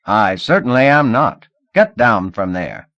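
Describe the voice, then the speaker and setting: Give me a man playing an indignant cabaret manager, loud and snappish, in a dry close read. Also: mid-range voice, sing-song, slow, dry recording, dull audio, voice pushed up. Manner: shouting, indignant. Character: angry male cabaret manager.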